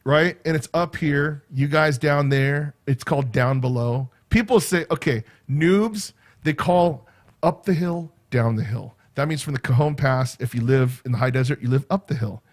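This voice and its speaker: A man with a slightly high voice and moderate pace hosts a casual livestream from a room in his house. He rambles in a chatty way, tacking "right?" onto the ends of his sentences.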